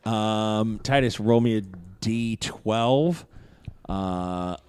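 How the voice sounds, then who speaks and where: A man's voice: fairly low pitch, very slow, smooth. A man running a tabletop game as game master, narrating loosely with fillers. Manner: animated, loose storytelling with fillers.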